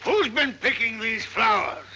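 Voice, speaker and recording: Crusty, bark-prone old plantation grandpa, high bright voice swinging all over; old family movie. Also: male voice, very animated, measured pace, exaggerated voice, rough recording. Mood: gruff scolding. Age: older. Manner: gruff, barking. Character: stern hot-tempered old male plantation owner. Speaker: estranged grandfather. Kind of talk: 1930s film acting.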